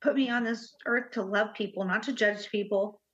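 A woman guest telling her own story in an interview, earnest and halting, with many fillers. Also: mid-range voice, steady tone, a bit bright. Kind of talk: personal interview talk. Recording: muffled lo-fi audio.

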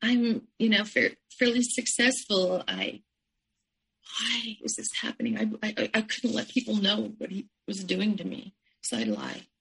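A woman guest in an interview recounting her own story in a halting, emotional way, with restarts and frequent asides. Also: mid-range voice, lively intonation, creaky, fairly bright tone, slightly rough, poor audio. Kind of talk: personal storytelling in conversation.

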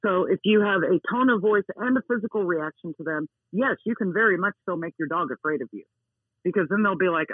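A woman's voice: on the low side, expressive, fairly quick, slightly rough, no echo. Emphatic woman on a tinny phone line. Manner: emphatic, not soft-spoken, repeats key words. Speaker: dog owner interviewed as a guest. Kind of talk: casual phone interview.

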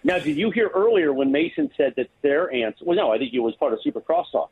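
A man calling in to a radio show, bantering in an animated, teasing way with mock-grand praise. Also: on the high side, fast talker, breathy edge, no room sound. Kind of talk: casual sports radio banter. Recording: tinny phone line.

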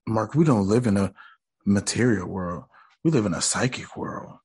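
A man imitating a calm, menacing male cult leader in a slow, low, solemn voice. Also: breathy edge, dry recording, full character voice.

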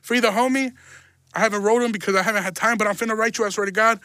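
A man's voice: high-pitched, steady tone, racing, pushed and bright, dry recording, clean studio sound. A young man hosting a podcast, telling a long story in casual, slangy, profane talk and laughing along the way. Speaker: podcast host.

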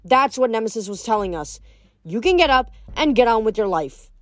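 A woman reading aloud, voicing a lively teenage boy mechanic who talks briskly and coaxingly. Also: fairly high pitch, no echo, studio quality, pitched above the performer's own voice, close to an everyday voice. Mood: coaxing, persuasive.

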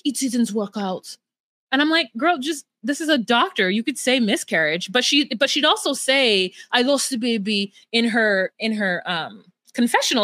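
A woman's voice: a little high, bright, forceful tone, no echo, studio quality. A woman co-hosting a podcast, speaking frankly and with some heat, swearing freely as she recaps a reality show. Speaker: podcast co-host. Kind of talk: casual reality-TV recap chat.

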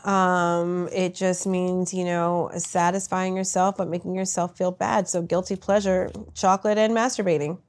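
A woman comedian answering rapid-fire interview questions with brash, crude, self-mocking punchlines. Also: lowish voice, level tone.

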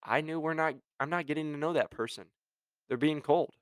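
A man's voice: a little high, brisk, dry recording. A young man who works in medical device sales, talking casually and with passion as he gives career advice and acts out his phone calls. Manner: admits he gets passionate and curses.

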